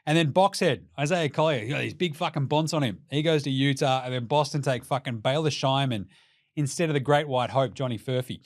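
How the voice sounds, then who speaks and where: A young Australian man hosts a podcast, delivering a mocking, sweary rant of casual commentary. His medium-pitched voice moves briskly, and the recording is clean studio sound with no room echo.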